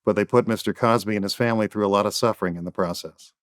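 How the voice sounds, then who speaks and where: A man's voice: fairly low pitch, very fast. A man speaking as a guest defense attorney in an interview, making firm points in emphatic, repeated phrases. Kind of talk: interview answers.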